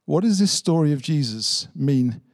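A man's voice: fairly high pitch, lively intonation, moderate pace, a little mellow, no echo, clean studio sound. A man preaching an Easter sermon, telling the story dramatically and driving points home with emphatic repetition. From Britain. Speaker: pastor.

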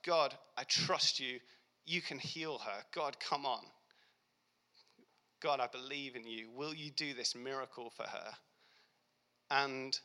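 A young man giving a heartfelt personal faith testimony, speaking earnestly and reflectively with pauses and restarts. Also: medium pitch, pushed and bright. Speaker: Christian speaker.

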